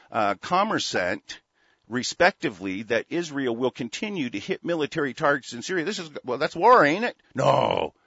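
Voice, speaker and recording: A man's voice: mid-range voice, a bit bright, slightly rough, no room sound. A man hosting a radio show, delivering an angry, profane political rant full of stammered restarts. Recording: dull lo-fi dry recording.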